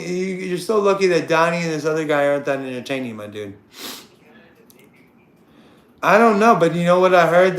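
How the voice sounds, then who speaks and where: A man in his thirties with a high voice, ranting on a livestream. He is crude and confrontational, talks loudly, and keeps repeating himself. The room around him sounds echoey. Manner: crude, confrontational, trash-talking a chatter; loud and excitable, repeats himself. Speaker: livestream host. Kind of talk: unscripted livestream rant. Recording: roomy echo.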